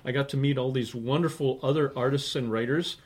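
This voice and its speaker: A man's voice: mid-range voice, steady tone, brisk. A man in his sixties from Canada, an interview guest telling long anecdotes in a rambling, casual way, with many fillers and laughter at his own stories. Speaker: interview guest, writer and publisher.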